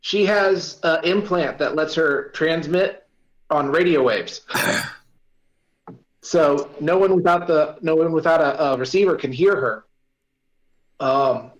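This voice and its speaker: A man's voice: a little high, slow pace, muffled recording. A man in a casual online writers' chat, explaining his story in rambling bursts full of fillers. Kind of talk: casual group chat about writing.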